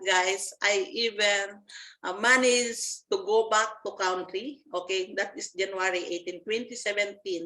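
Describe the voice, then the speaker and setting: A woman, giving a personal testimony as a network marketing presenter, earnest and halting with frequent restarts. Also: medium pitch, sharp tone, poor audio. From Philippines.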